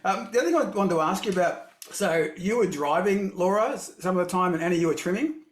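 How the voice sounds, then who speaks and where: A man's voice: sits high, fast talker. A man hosting a podcast interview, chatty and rambling, telling long anecdotes. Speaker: podcast host. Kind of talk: casual interview chat. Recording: echoey room.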